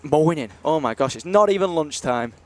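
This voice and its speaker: A man's voice: a little high, lively intonation, normal speed, a little mellow. A young man commentating live on a university ice hockey stream, chatty and jokey as he rambles between games.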